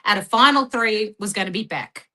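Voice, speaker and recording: A woman's voice: mid-range voice, moderate pace, bright, forceful tone, low-quality recording. A woman co-hosting a casual podcast chat, blunt and emphatic with her opinions. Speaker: podcast co-host.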